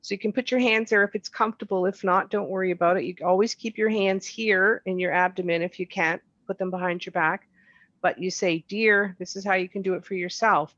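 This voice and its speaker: A woman's voice: mid-range voice, fairly even intonation, a little fast, fairly bright tone, dry recording, lo-fi sound. A woman teaching a healing practice over a video call, guiding the group through repeated soothing chants. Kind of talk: guided healing chant session.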